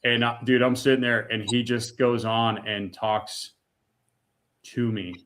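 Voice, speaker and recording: A man's voice: mid-range voice, level tone, a little slow, fairly bright tone. A middle-aged man giving an emotional personal testimony as a podcast guest, talking casually with words like "dude" and "man".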